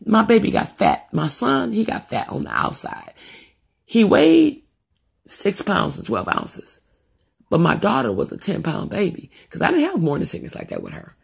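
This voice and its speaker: Husky, gravelly middle-aged woman telling stories. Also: medium pitch, normal speed. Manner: rambling and profane, with animated asides. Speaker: storyteller. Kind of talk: casual storytelling monologue.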